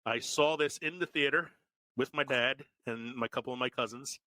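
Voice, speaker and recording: He's a man in his forties from Philadelphia, US, co-hosting a podcast and telling swear-laden stories between frequent laughs. The casual chat comes in a medium-pitched, bright, forceful voice at normal speed, with no echo.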